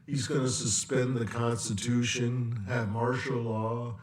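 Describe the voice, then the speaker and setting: A man giving a rambling, sarcastic political rant with long pauses and restarts. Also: medium pitch, fairly even intonation, distant mic. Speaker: political commentator. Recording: echoey room, away from mic.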